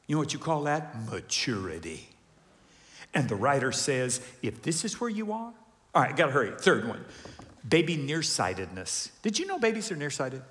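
Male pastor, lively sermon, highish voice, big pitch swings, long hall echo. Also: normal speed. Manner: animated, acts out voices and questions to the congregation. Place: large church hall with congregation.

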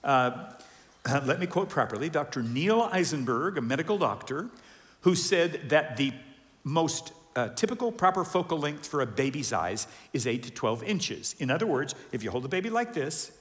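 A man preaching a sermon to a congregation, animated, asking questions and acting out voices. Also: on the high side, moderate pace. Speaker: pastor. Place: large church hall with congregation. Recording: long hall reverb.

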